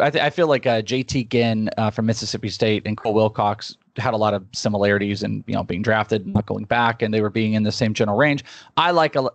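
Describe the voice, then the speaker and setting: A man answering interview questions as a guest draft analyst, full of enthusiasm and given to long, winding explanations. His voice sits at an average pitch for a man. The recording is close and dry. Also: no room sound.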